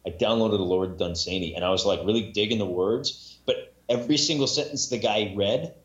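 A man's voice: on the low side, normal speed. A man in casual podcast chat about narrating audiobooks, rambling with many restarts and self-mocking asides. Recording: echoey room, dull lo-fi sound.

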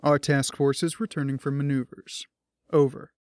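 A man's voice: mid-range voice, little pitch movement, moderate pace, no echo, clean studio sound, close to an everyday voice. Firm, composed male captain issuing orders, read by a man. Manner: firm, commanding.

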